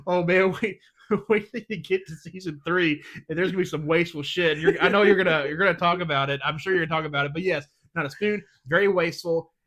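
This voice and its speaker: A young man with a slightly high voice, co-hosting a podcast in loose, profane chat. He laughs often and answers with dry, sarcastic asides. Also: fast talker, a bit bright. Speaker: podcast co-host.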